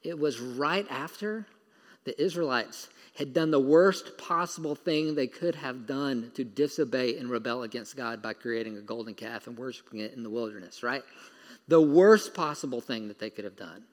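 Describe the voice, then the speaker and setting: A man preaching a sermon, retelling a story with lively, informal storytelling and a laugh now and then. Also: medium pitch, moderate pace. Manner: animated storytelling, acting out voices, laughing. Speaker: pastor. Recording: long hall reverb.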